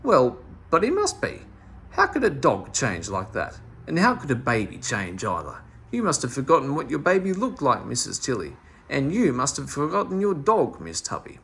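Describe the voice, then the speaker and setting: A man's voice: medium pitch, wildly swooping pitch, moderate pace, creaky, fairly bright tone, full character voice. A man voicing a muddled, well-meaning male busybody in a storybook read-aloud, fussy and self-assured. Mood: puzzled, insistent.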